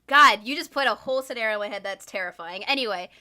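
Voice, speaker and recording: A young woman co-hosting a casual podcast, chatting excitedly and acting out characters' lines as she retells a story. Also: medium pitch, quick pace. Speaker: podcast co-host. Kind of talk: casual chat.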